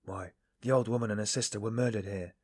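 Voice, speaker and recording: A man's voice: on the low side, fairly even intonation, fast, darkish tone, lightly acted. A man voicing a brooding young male former student who talks in a lazy, dreamy, detached way.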